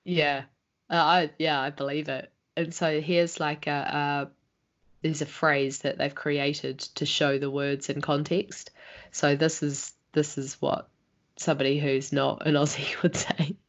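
A woman's voice: deep voice, flat delivery, a little slow, dull audio. A woman hosting a casual online interview, upbeat and giggly. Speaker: host.

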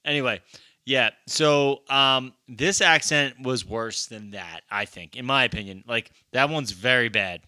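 Young man, podcast co-host, casual movie chat, rambling, very bright and tense, dry close sound. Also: mid-range voice, a little slow, dry recording. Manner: rambling, swears freely, many fillers and restarts.

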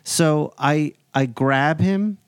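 A man's voice: fairly high pitch, very slow, clear, resonant tone, dry recording, clean studio sound. A man in his forties hosting a podcast, chatting casually and acting out other people's lines while he tells a story. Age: 40s. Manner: animated anecdote-telling, acts out other people's lines. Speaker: podcast host.

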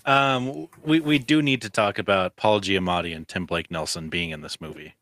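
A man's voice: deep voice, normal speed, a bit bright. A man co-hosting a movie podcast, talking in a matter-of-fact, dry way. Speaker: podcast co-host. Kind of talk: casual movie-review chat.

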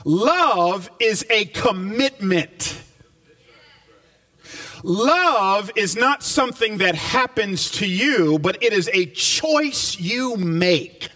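A man preaching a sermon as pastor to a live congregation in a church, stressing key phrases with slow repetition. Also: high-pitched, lively intonation, sharp tone, recorded from a distance.

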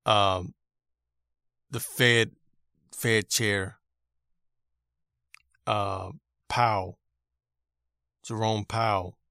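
A man's voice: on the low side, vocal fry, fairly bright tone, dry recording, clean studio sound. A man hosting his own podcast, giving an irritated, emphatic opinion rant and repeating his points for emphasis. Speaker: podcast host.

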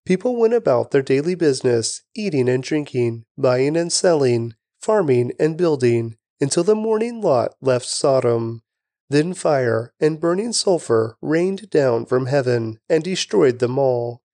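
A man hosting a daily podcast, reading scripture aloud in a measured, deliberate way and slowing down for emphasis. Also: medium pitch, lively intonation, mellow, dry recording. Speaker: scripture reader, podcast host.

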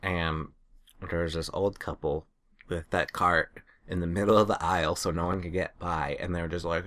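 A man's voice: sits low, steady tone, normal speed, a bit bright. A man co-hosting a podcast in casual chat, telling rambling anecdotes and laughing through them. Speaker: podcast co-host.

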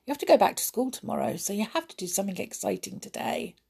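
A woman's voice: medium pitch, very animated, fast talker, gravelly, warm tone, breathy edge. A woman reading a children's storybook aloud expressively, speaking to a young listener.

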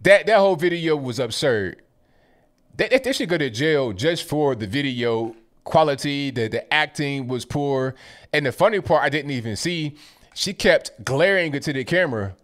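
A man's voice: on the high side, expressive, moderate pace. Guy ranting casually on his stream, sarcastic and mocking, repeats words a lot. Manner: frequent stammered repeats. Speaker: political commentary streamer. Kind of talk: casual commentary.

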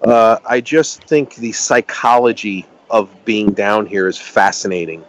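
A man's voice: fairly low pitch, unhurried, rough recording. Eager, stammering middle-aged American man. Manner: enthusiastic, stammering restarts. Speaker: podcast guest. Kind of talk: casual chat.

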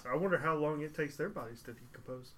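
A man co-hosting a casual podcast chat, laid-back and rambling with drawn-out fillers. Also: a little high, sharp tone. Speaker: podcast co-host. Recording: faint background noise.

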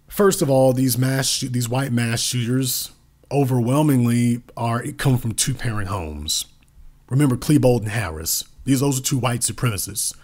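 A middle-aged man delivers a monologue of political commentary at a mid-range pitch. He speaks emphatically, circles back to the same phrases, and slows down to drive key words home. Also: darkish tone.

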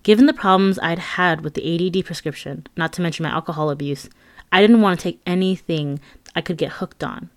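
A woman narrates her memoir in a candid, wry voice that sits a little low for a woman. She tosses in frank asides to the listener. The recording is close and dry. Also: fairly quick, no echo.

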